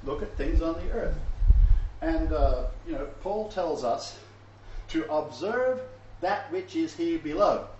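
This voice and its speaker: A man's voice: a little high, expressive, slow, darkish tone, a little hiss or hum. A man giving a Bible lecture to a live class, reading verses and adding chatty asides with small chuckles. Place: lecture room. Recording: roomy, distant, dull lo-fi room recording.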